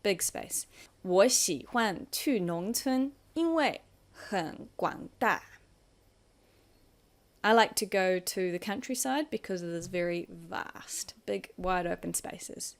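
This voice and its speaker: A woman's voice: on the low side, lively intonation, slow, vocal fry. A woman teaching a vocabulary lesson, patiently explaining each word and modelling the tones. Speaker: Chinese language teacher.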